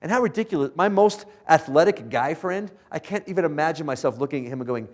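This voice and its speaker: A man speaking as a guest lecturer to college students in a lecture room, animated, firing rhetorical questions at the audience and chuckling often. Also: a little high, fast talker. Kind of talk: motivational lecture.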